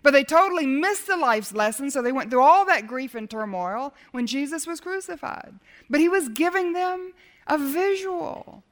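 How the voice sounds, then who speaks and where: A woman preaching a sermon as a Bible teacher, dramatic, swinging from emphatic lines to hushed ones. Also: high voice, lively intonation, normal speed.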